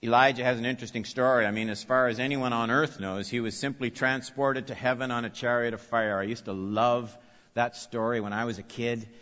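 A man's voice: medium pitch, fairly even intonation, a little fast, a bit bright. A man preaching an expository sermon, emphatic, repeating key phrases and putting questions to his listeners. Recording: long reverb, dull lo-fi sound.

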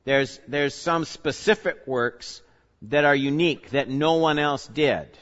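This male pastor teaches a sermon conversationally, swinging between loud emphasis and quiet asides as he puts questions to the congregation. He sounds a little high and slow, captured in a reverberant hall with dull, lo-fi audio.

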